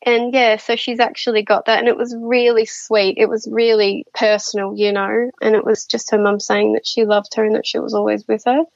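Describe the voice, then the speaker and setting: Woman, fairly high voice, chatty, lots of ums and restarts, dry lo-fi sound. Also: level tone, brisk, vocal fry, few pauses, dry recording. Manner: chatty, many fillers and restarts, laughs often. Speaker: guest. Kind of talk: casual interview storytelling.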